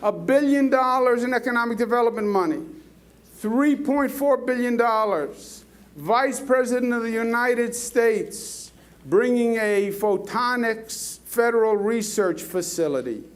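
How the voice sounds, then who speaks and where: A politician giving a public speech, telling folksy stories and rousing the crowd with repeated lines. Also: male voice, very high-pitched, measured pace. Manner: folksy storytelling, rousing and repetitive.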